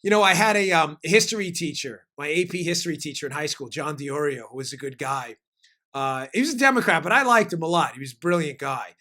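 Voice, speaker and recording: A man hosting a political commentary podcast, talking in an animated, emphatic way with frequent fillers. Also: on the high side, brisk. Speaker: podcast host.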